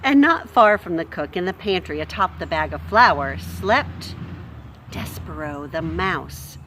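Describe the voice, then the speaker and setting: A woman reading a chapter book aloud to children in a gentle manner, talking to her listeners and explaining words as she goes. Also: fairly low pitch, lively intonation, a little slow, a little hiss or hum. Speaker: storybook reader. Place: home near a street.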